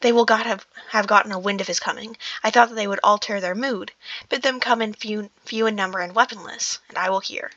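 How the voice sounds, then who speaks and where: A woman's voice: mid-range voice, fairly even intonation, brisk, bright, forceful tone, no echo. A woman reading the lines of a proud, wrathful male dwarf king, heated and stumbling over words, with a dull lo-fi sound.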